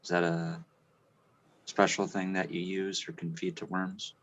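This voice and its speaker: A man with a very deep voice speaks hesitantly, with a dry sense of humor. Faint background noise sits under his voice. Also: level tone, unhurried, a bit bright, muffled recording. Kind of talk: casual chat.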